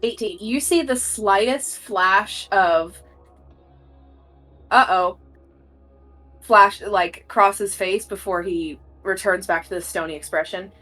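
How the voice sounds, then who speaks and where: A woman's voice: medium pitch, slow, long pauses, pushed and bright, faint music behind. A woman narrating as game master in a tabletop game, casual and full of fillers.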